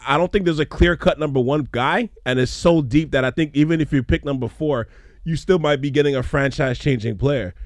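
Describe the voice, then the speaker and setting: A man's voice: on the high side, a little fast, no echo, clean studio sound. Earnest man breaking down sports. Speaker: co-host. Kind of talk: casual sports talk chat.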